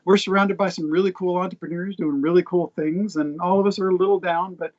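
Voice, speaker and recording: Guest, man, relaxed and halting, fairly high voice, muffled lo-fi call audio. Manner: easygoing, halting with fillers. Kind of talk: casual video-call chat.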